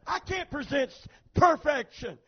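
A man's voice: extremely high pitch, animated, unhurried. A male pastor preaching a sermon, emphatic, calling out for amens from the congregation, on a dull lo-fi recording.

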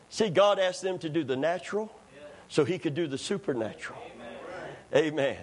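A man preaching a sermon in a church, calling for amens and rising to shouts. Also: fairly high pitch, expressive, normal speed. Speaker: pastor. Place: church sanctuary.

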